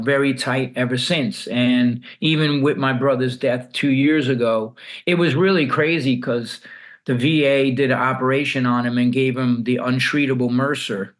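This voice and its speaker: Blunt, profane storytelling man. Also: medium pitch. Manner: blunt and profane, with frequent restarts. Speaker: podcast guest. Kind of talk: candid storytelling in conversation.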